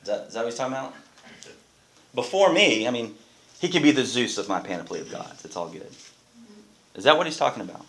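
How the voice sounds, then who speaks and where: A man's voice: mid-range voice, expressive, quick pace, fairly bright tone. A man, a pastor, teaching a Bible class in a conversational way and often asking the group questions.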